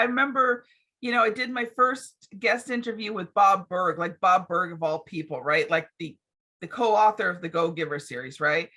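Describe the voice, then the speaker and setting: A woman's voice: on the high side, pushed and bright. A woman hosting a podcast, chatting casually and reflectively with plenty of fillers. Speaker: podcast host. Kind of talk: casual chat.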